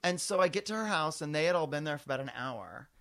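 Guy on a podcast rambling thru a story, kinda high voice, lots of um and like. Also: fast talker. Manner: animated anecdotes with many fillers. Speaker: podcast co-host. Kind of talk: casual storytelling chat.

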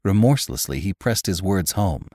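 A man reads a classic story aloud with a low voice and lively, rising and falling intonation. His delivery is measured and expressive. The sound is dry and close. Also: no room sound. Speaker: podcast narrator. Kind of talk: audiobook narration of a classic story.

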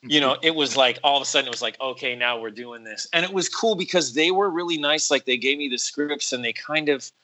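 Bright-voiced man telling a story. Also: mid-range voice, a little fast, low-quality recording. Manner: animated, acts out quotes in other voices, says "bro" and "like" a lot. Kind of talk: casual storytelling chat.

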